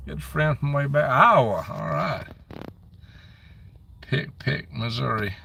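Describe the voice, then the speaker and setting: A man's voice: fairly low pitch, creaky, bright, forceful tone, distant mic. A man hosting a casual live stream on his phone, chatting and grumbling as he reads out where viewers are from. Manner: reads out viewer comments and locations.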